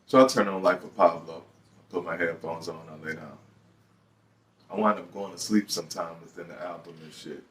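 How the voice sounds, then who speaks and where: A man with a Detroit accent telling a story from his own life in a casual, profane, animated way. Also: sits low, normal speed, distant mic.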